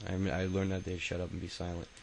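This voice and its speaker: A man's voice: low voice, monotone, fast talker, slight background noise, rough recording. A man telling his own life story in a casual, rambling way, swearing freely and stopping often for fillers and restarts. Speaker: autobiography narrator. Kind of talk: casual spoken memoir.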